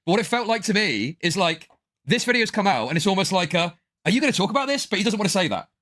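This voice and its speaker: A man's voice: high-pitched, animated, fast talker, a bit bright. A man doing casual stream commentary, rambling and hedging, peppered with "bro" and "dude".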